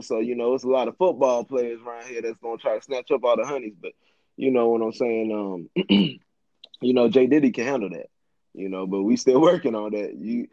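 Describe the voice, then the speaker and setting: A man's voice: medium pitch, mellow, dry recording, muffled recording. A young man telling a story in a laid-back, slangy way, laughing often as he talks. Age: young adult. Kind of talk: casual storytelling.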